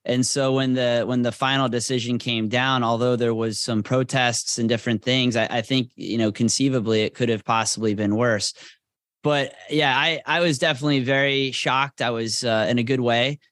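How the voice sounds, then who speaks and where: A man, an attorney and radio host, talking in a measured, explanatory way as a podcast guest. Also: medium pitch, steady tone, fairly bright tone, dry recording, studio quality. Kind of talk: casual talk.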